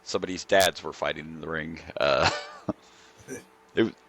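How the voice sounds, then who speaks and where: A man co-hosting a podcast that reviews wrestling, talking in a relaxed, rambling way with frequent chuckles. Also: extremely low pitch, a little slow. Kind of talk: casual chat.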